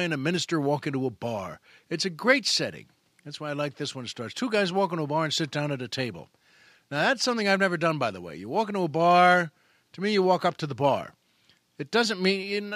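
A man hosting a podcast in a playful comic monologue, joking and correcting himself, then reading poetry slowly and dramatically. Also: on the high side, fairly bright tone, no echo, studio quality. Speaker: podcast host.

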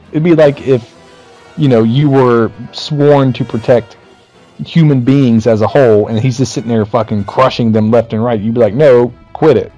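A man's voice: mid-range voice, warm tone, muffled recording. Laid-back man arguing movie logic. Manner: profane, laughs while arguing points. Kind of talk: casual movie discussion.

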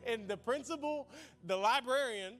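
A man's voice: extremely high pitch, normal speed, faint music behind. A young man preaching in church, telling funny stories about his childhood and calling out to the congregation, laughing often. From Arkansas. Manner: lively, humorous, laughs often, addresses congregation directly. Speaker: pastor. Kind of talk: sermon with storytelling.

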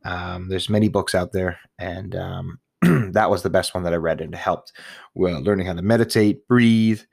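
A man's voice: low-pitched, fairly even intonation, moderate pace, creaky, a little mellow, no room sound, clean studio sound. A young man, a new father, talking casually and candidly to the camera, rambling, swearing often and laughing at himself. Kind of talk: casual personal monologue.

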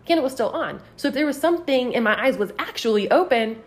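A woman with a high voice talks fast as she tells a personal story on a casual podcast. She's profane and animated, swearing freely and packing her speech with "like".

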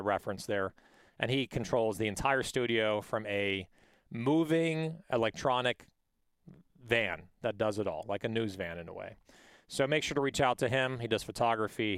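A man's voice: fairly low pitch, clean tone, dry recording, studio quality. A man hosting a podcast, chatting casually and teasing his producer with jokes. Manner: joking, teasing banter. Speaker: podcast host.

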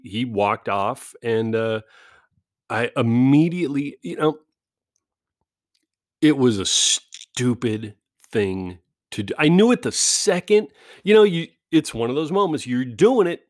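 Man, 40s, mid-pitched, casual storyteller, self-deprecating, dry close sound. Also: darkish tone, dry recording. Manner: rambling, self-deprecating, laughs often. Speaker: vlogger.

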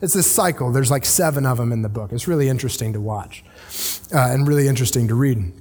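A man preaching a sermon in a casual, conversational way, with animated paraphrases of the text he reads. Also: mid-range voice, quick pace, breathy edge, long reverb tail. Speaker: pastor.

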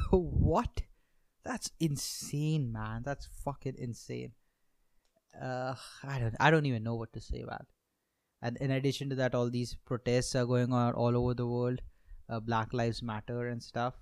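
A man's voice: medium pitch, smooth, no room sound. A young man hosting a comedy podcast, rambling through a monologue with self-mocking asides and lots of swearing.

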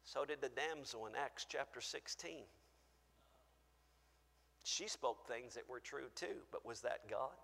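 A man pastor preaching a sermon in a church, shifting from quiet low asides to loud, shouted acted-out pleas. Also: unhurried, vocal fry, pauses often. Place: church sanctuary. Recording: church sanctuary with long reverb.

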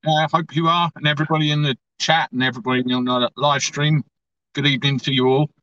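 An Englishman speaks with a bright, pushed edge, tripping over fillers as he chats. He sits well back from the mic on a dull, lo-fi line. The sound is dry, with no room echo. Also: fairly high pitch, flat delivery, fast, distant mic. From England. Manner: bright and eager, stumbling with fillers. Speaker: podcast guest, cab driver. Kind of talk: casual interview chat.

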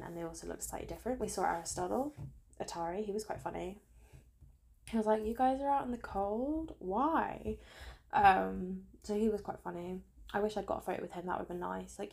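A woman with a croaky voice, chatting casually to camera in a rambling, self-deprecating way. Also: mid-range voice, mellow. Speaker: vlogger. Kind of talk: casual storytime chat.

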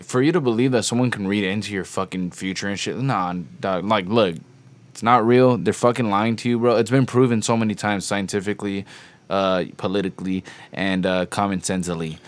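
Laid-back swearing young man, low voice. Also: steady tone, a little fast. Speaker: podcast co-host. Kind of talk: casual chat.

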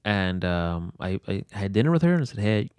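A young man with a very low, deep voice talks through a personal story in an interview. He rambles loosely, full of fillers and casual swearing. The recording is dry and close, with almost no room sound. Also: big pitch swings, fairly quick, darkish tone, smooth, no room sound. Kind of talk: candid conversational storytelling.

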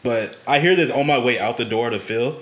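A young man hosting a podcast, casually retelling a story with relaxed swearing. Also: mid-range voice, brisk. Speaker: podcast host. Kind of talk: casual chat. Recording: echoey room.

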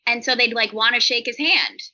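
A chatty woman in her thirties guests on a podcast, her voice sharply bright and slightly high. She rambles through stories packed with "like" fillers. The audio is somewhat dull and lo-fi. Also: brisk. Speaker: interview guest. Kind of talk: casual podcast interview.

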